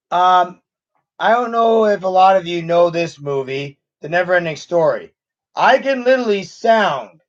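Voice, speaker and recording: A man hosts a casual livestream, talking in a halting way and chuckling often. His voice sits high. The sound is dull, as if through a cheap mic. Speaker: channel host on a livestream.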